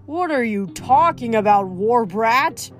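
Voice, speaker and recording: A woman reading aloud voices a boastful, brutish male giant with a slow, growling, mocking delivery. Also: medium pitch, animated, soft background music, lightly acted. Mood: defiant. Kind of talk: audiobook character voice.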